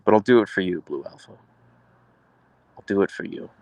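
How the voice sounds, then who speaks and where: A man's voice: low-pitched, fairly quick, vocal fry, long pauses, dark tone, dry recording. A man live streaming from his phone on an outdoor couch, reading chat aloud in a wry, rambling way.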